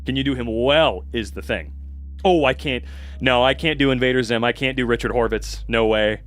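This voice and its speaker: An American man in a casual live stream, reading viewers' messages aloud and answering them in animated, swearing chat. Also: medium pitch, moderate pace, faint music behind. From United States. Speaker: streamer and hobby voice actor.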